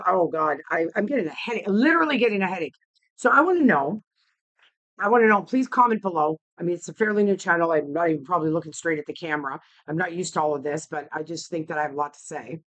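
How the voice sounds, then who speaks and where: A woman's voice: medium pitch, sharp tone. A woman vlogger ranting to camera, heated and blunt, swearing often. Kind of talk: angry opinion rant to camera.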